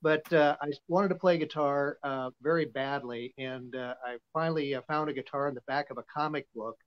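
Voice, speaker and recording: A man's voice: fairly high pitch, steady tone, a little fast, clean tone. A man in his seventies, from Nebraska, telling stories as a podcast guest in a folksy, rambling way with many fillers. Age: 70s. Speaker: guest, vintage guitar dealer. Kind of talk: casual storytelling. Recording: dull, lo-fi sound.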